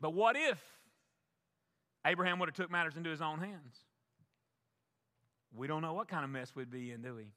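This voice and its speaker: A man's voice: on the high side, animated, moderate pace, long pauses, pushed and bright. A male pastor preaching a sermon, emphatic, repeating key phrases for the congregation. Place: church sanctuary. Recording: long church reverb.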